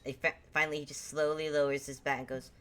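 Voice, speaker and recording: A woman's voice: sits low, level tone, fast talker, fairly bright tone. A woman running a tabletop game as game master, narrating with frequent giggles. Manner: giggly, laughs often.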